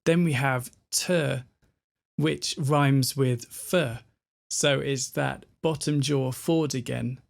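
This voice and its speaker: A man with a British accent teaching pronunciation, breaking words down slowly and carefully. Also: mid-range voice, fairly even intonation, gravelly, slight background noise. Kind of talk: pronunciation lesson.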